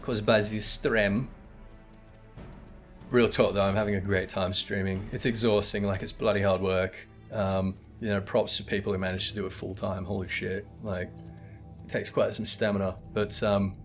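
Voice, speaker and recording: Tired guy streaming a game, lowish voice, swears a lot, chatty, game music under. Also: flat delivery, moderate pace. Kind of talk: casual game commentary.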